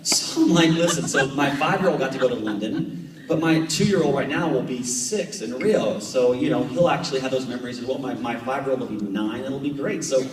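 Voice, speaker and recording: A man's voice: medium pitch, brisk, background noise. A man in his thirties, a triathlete guest speaker, telling jokey stories to a club meeting. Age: 30s. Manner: chatty, jokey, animated anecdotes. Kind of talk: storytelling talk to a club. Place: meeting room. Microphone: far camera. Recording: echoey room from far off.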